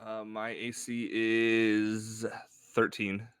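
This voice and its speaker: A man's voice: on the low side, monotone, very slow, fairly bright tone, clear, resonant tone, no room sound. A man playing in a tabletop game, answering in a casual, matter-of-fact way. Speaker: player.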